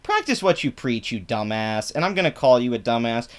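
Very animated and brisk, a male political vlogger tears into posts online with a mocking, profane rant. His pitch swings loudly throughout.

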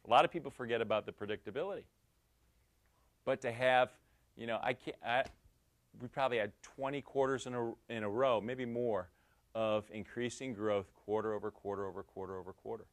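A middle-aged man with a somewhat low voice gives a lecture. He tells lively anecdotes, acting out the quoted lines, and often restarts his sentences as he goes. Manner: lively storytelling, acts out quoted dialogue, many restarts. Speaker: guest speaker.

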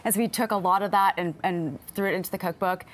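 A woman appears as a guest on a studio TV show, talking in a relaxed, casual way that is full of "like." Her voice sits somewhat low, with a faint hum of noise behind her. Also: fast. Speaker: cookbook author guest.

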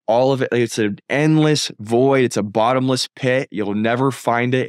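A man's voice: on the low side, no room sound, studio quality. A man in his thirties sharing a personal faith testimony, earnest and fervent as he tells his story and turns to an appeal. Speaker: filmmaker and content creator.

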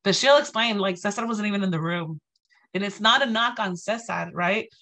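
Woman in her 30s giving a talk, bright forceful voice, chatty, keeps saying right?. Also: mid-range voice, moderate pace. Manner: animated, conversational, tags phrases with "right?". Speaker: guest speaker. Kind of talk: storytelling lecture.

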